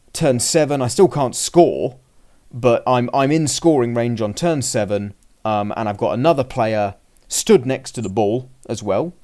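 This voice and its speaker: A man telling the story of a tabletop match in casual podcast chat, his voice sitting at an ordinary middle pitch. He rambles and restarts often, acting out what he and his opponent said along the way. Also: darkish tone. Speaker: podcast host recounting a game. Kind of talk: casual chat, play-by-play recap.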